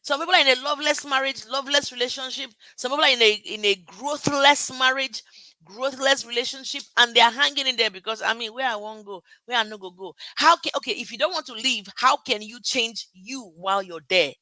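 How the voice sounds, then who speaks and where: Middle-aged Nigerian woman, live motivational host, very bright, tense edge, dry close sound, punchy and repetitive. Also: on the high side, a little fast, no echo, poor audio. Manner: emphatic, repeats points, laughs at herself.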